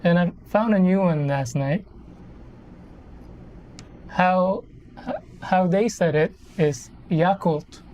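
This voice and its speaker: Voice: mid-range voice, slow pace, long pauses, darkish tone, highs cut off. Voix douce, philippin. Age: 30s. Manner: rambling, self-correcting, explanatory. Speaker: live streamer. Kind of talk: casual live-stream chat while building a model kit.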